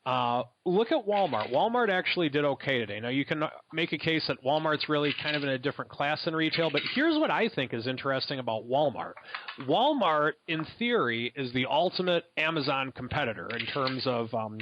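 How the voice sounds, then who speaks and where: A man chats about retail stocks, hedging his points with fillers. His voice sits a little high, and the lo-fi recording is dull with clear background noise. Occasional clicks cut through the sound. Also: big pitch swings, a little fast. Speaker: podcast co-host. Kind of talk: casual market talk.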